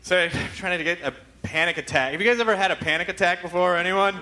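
A podcast host with a high-pitched voice talks fast on a theater stage during a live comedy show. He's hyper, rambling and profane, and crowd noise fills the venue.

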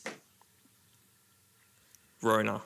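Bright-voiced man, rambling casual chat. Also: extremely slow. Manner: rambling, swearing, lots of ums. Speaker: podcast co-host. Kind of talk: casual chat recapping a cartoon episode.

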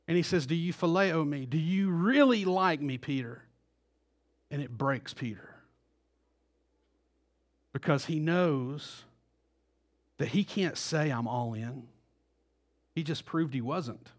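A man's voice: a little high, slow pace, pauses often. A male pastor preaching a sermon, acting out the quoted voices with rising intensity.

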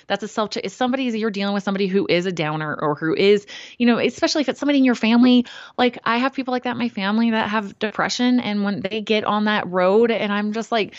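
A woman co-hosting a podcast in casual chat, animated and blunt, swearing casually and acting out what others said. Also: mid-range voice, no echo, lo-fi sound. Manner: animated, swears casually, acts out quoted voices. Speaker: podcast co-host.

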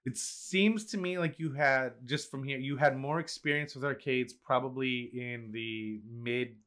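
A middle-aged man hosting a podcast in a relaxed, casual chat. His voice is bright and a little tense, and he swears freely while firing off quick agreements. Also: mid-range voice. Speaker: podcast host.

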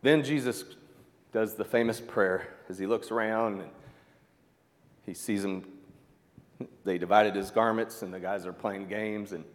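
A man's voice: on the low side, fairly even intonation, a little slow, pauses often, in a large hall. A man preaching a sermon as pastor, conversational, with asides, fillers and calls of "amen" to the congregation.

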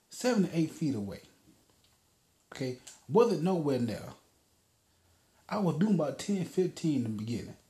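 A man rants through a casual story as a podcast host, swearing freely and wandering between fillers. His voice is dark and mellow. The room around him is echoey. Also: a little high, very animated, normal speed, pauses often. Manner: profane, rambling, lots of fillers.

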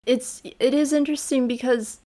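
A woman's voice: sits high, normal speed. A woman co-hosting a podcast, chatting casually about a horror film and acting out lines as she goes. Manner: animated, acts out quotes from the film. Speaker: podcast co-host. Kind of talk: casual film review chat.

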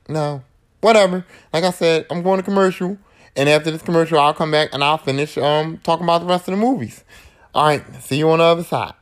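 A man hosting a podcast, recapping horror movies in a slangy, profane, rambling way. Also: a little high. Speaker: podcast host.

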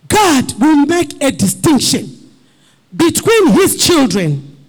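A male pastor preaching a sermon, rising to shouted, crying peaks and repeating short refrains, with his voice sometimes drifting away from the mic. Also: very high voice, wildly swooping pitch, slow, gravelly, long pauses.

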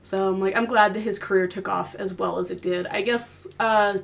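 A woman's voice: medium pitch, steady tone, creaky. A woman hosting a podcast, telling stories in a chatty, bubbly way. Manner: chatty storytelling, fast and bubbly. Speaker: podcast host. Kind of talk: casual chat.

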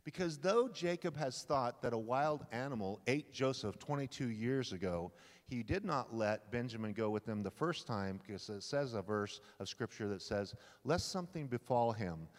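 A man preaching a sermon at a conference, retelling a story in a lively way and acting out what the characters say. His voice sits at an ordinary middle pitch. The recording carries a long hall reverb. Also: moderate pace. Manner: animated storytelling, acting out quoted lines. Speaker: pastor.

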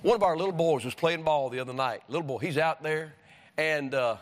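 High-voiced preacher in a ringing church. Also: male voice, brisk. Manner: folksy storytelling building to fervent preaching. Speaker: pastor. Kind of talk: sermon. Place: church sanctuary. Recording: long reverb of a church hall.

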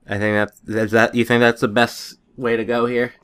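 A man's voice: mid-range voice, flat delivery, moderate pace, fairly bright tone, clean tone. A man in a casual chat, telling rambling stories and chuckling often.

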